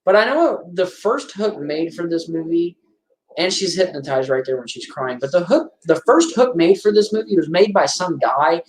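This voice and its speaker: Excitable male film commentator, slightly high voice, rambling, roomy echo. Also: normal speed. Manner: chatty, excitable, rambling with restarts. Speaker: movie commentator. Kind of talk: casual movie commentary. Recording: echoey room.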